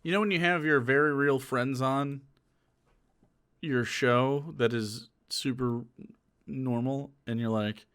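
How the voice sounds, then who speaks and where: A man's voice: mid-range voice, fairly even intonation, slow pace, a bit bright, smooth, dry recording, clean studio sound. A man streaming live, reacting to a clip with sarcastic, laughing commentary and casual swearing.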